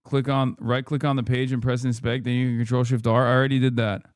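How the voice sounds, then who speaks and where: Male streamer, mid pitch, smooth clear voice, dry close mic, exasperated and cursing. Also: level tone, fast, dry recording. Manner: frustrated, swearing, troubleshooting tech aloud. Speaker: livestream host. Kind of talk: live stream chat with viewers.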